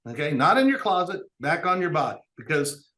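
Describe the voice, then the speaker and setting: Earnest storytelling businessman, higher voice. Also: big pitch swings, brisk, pushed and bright. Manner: earnest, tells stories with quoted dialogue. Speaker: business owner, interview guest. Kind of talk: storytelling interview talk.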